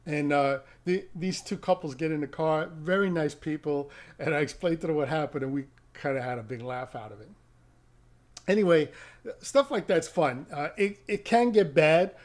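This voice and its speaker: A middle-aged man chats to the camera about his day as a rideshare driver, his voice sitting a little high for a man. He rambles, restarts his sentences and chuckles at his own stories. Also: moderate pace. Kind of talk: casual storytelling to camera.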